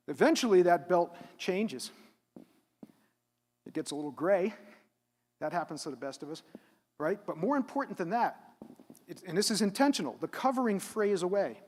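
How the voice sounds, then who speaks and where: A middle-aged man giving a live motivational keynote at a conference, animated and asking the audience questions. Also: fairly high pitch. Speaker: keynote speaker. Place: conference hall. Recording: reverberant hall.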